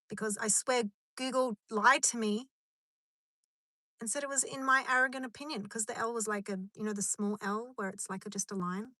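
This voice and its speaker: Bright chatty woman streaming from her car. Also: medium pitch, dry recording. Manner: rambling and chatty, answering chat comments. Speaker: live streamer. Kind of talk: casual live stream chat.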